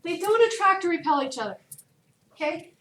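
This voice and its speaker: Speaking a little fast with an extremely high pitch, a woman teaches chemistry, chatting lively with the class and asking them questions. The recording is noisy and echoey, captured from a distance.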